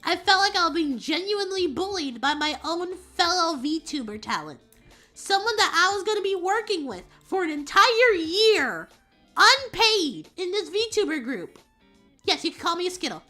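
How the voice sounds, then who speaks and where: A woman streamer chatting casually and telling a story in an animated, rambling way. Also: very high voice, moderate pace, faint music behind. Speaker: VTuber streamer.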